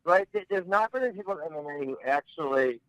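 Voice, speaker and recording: A man's voice: fairly high pitch, expressive, fast talker, fairly bright tone, no room sound, low-quality recording. A man talking bluntly as a podcast guest, rambling and restarting his sentences in casual chat. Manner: blunt, rambling, repeats words when starting.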